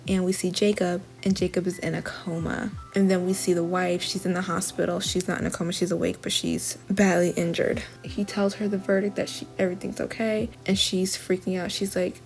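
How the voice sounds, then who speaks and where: A young adult woman with a slightly low voice talks through a TV show's plot in a loose, chatty review, peppering it with "like" and quick quoted lines from the characters. Faint music plays underneath. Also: level tone, gravelly, a little mellow. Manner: chatty plot recap with frequent "like" and quoted dialogue. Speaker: TV review vlogger. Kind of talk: casual spoken TV review.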